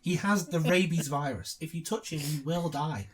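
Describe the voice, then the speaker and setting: A man's voice: on the high side, moderate pace, breathy edge. A man co-hosting a casual film commentary, trading sarcastic jokes and laughing often. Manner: sarcastic, joking riffs with frequent laughter. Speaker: co-host.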